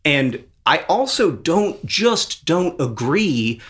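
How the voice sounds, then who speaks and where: A middle-aged man with a slightly high voice co-hosts a casual podcast. He is earnest and reflective, and he explains his views at length. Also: big pitch swings, takes it slowly, a bit bright. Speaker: podcast co-host.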